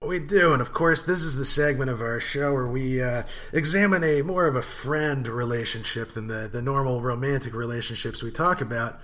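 A male podcast host with a bright, forceful voice at an ordinary pitch. He talks crudely and jokingly, swearing freely as he steers the conversation. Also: normal speed, few pauses. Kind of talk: casual chat, hosting.

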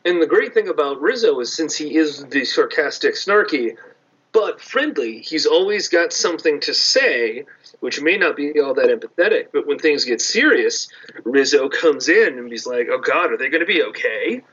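Podcast co-host, man, slightly high voice, enthusiastic and rambling, lo-fi dull audio. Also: big pitch swings, moderate pace, a bit bright, slightly rough. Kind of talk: casual chat.

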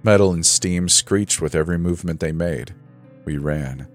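Deep-voiced man narrating horror. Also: moderate pace. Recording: faint background music.

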